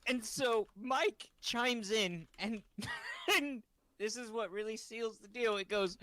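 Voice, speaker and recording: A man's voice: extremely high pitch, wildly swooping pitch, slow pace, pushed and bright. A man hosting a casual chat, telling rambling stories with frequent laughter and swearing. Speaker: host.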